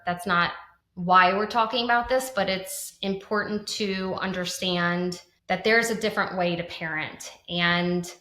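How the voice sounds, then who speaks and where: A woman in her thirties co-hosts a conversational podcast, her voice on the low side with a fairly bright tone. She talks earnestly, restarting often and leaning on fillers like "like." The recording has a roomy echo.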